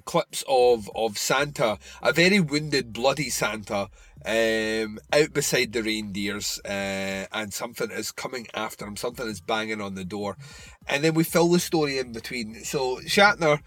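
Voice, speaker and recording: A man's voice: mid-range voice, normal speed, a bit bright, no echo. Casual rambling man on a podcast. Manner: rambling, loose, with fillers and swearing. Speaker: podcast co-host. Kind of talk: casual movie review chat.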